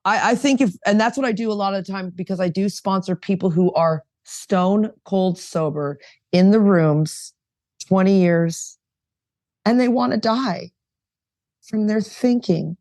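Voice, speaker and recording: A woman's voice: mid-range voice, a little slow, a little mellow, dry recording. Earnest woman sharing, dry close sound. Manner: earnest, emphatic, repeats herself. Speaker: roundtable participant, sponsor. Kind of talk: casual recovery-meeting sharing.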